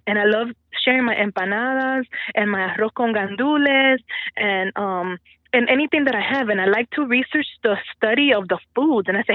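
A woman's voice: a little high, no room sound. Chatty woman teacher on a phone line. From Dominican Republic. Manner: chatty, laughs often. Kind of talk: interview answer over the phone. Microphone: telephone.

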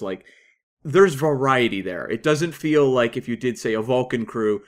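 A Canadian man co-hosts a casual podcast chat. He talks eagerly and loosely, with lots of fillers and quick asides. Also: mid-range voice. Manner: chatty, enthusiastic, many fillers. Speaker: podcast co-host.

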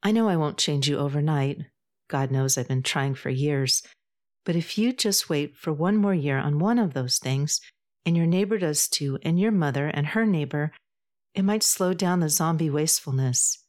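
An earnest, sensitive young woman pleading for the planet in a spoken storybook, patient but passionate, as a woman reader puts her on. Her voice sits low. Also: animated, moderate pace, darkish tone.

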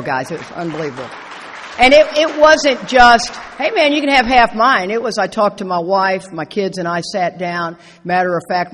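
A middle-aged woman speaking at a recovery meeting, telling stories with playful, animated asides. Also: mid-range voice. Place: large meeting hall. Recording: echoey hall with long reverb.

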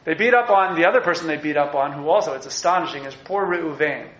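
A man teaching a text study class, animated and enthusiastic, acting out the lines he quotes. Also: on the high side, fast talker, roomy sound, muffled recording. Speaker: Torah teacher.

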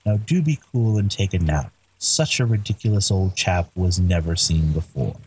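A man's voice: low voice, animated, normal speed, darkish tone, a little hiss or hum, low-quality recording. A man voicing a testy male ghost who scolds and mocks in a brusque manner. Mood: scolding.

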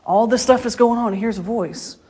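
A woman's voice: a little high, a little fast, darkish tone, breathy edge. A woman preaching a casual, story-filled sermon. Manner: conversational storytelling, laughs often. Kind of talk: informal sermon.

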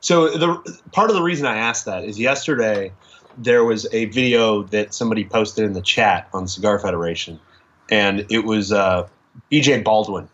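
Low-voiced man on a dull mic. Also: normal speed, fairly bright tone. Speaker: podcast co-host. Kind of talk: casual chat.

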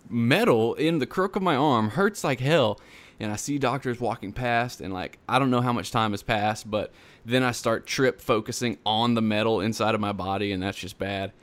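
A young man hosting a podcast, telling a long story in a rambling, casual way, laughing and acting out what people said. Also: medium pitch. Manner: rambling, laughing, acts out quotes. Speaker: podcast host.

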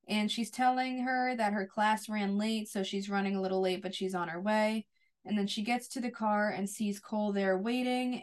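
A woman co-hosting a podcast, casually retelling an episode's scenes in long runs that trail off quietly. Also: mid-range voice. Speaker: podcast co-host. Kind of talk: casual chat recapping a TV episode.

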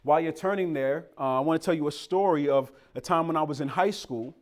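Young man, preacher, from Boston, playful storytelling sermon, a bit high-pitched. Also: brisk. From Boston, Massachusetts. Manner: animated, playful, acts out quoted voices.

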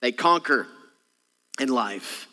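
A man's voice: mid-range voice, expressive, slow pace, bright, forceful tone. A male senior pastor giving a Christmas Eve sermon in a church, preaching with animation and acting out little parent and child exchanges. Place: church sanctuary. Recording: long church hall reverb.

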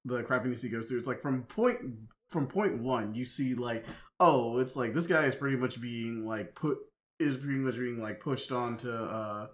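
Podcast co-host, man, halting and rambling, casual film talk. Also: mid-range voice. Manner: halting, many restarts and fillers. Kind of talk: casual movie discussion.

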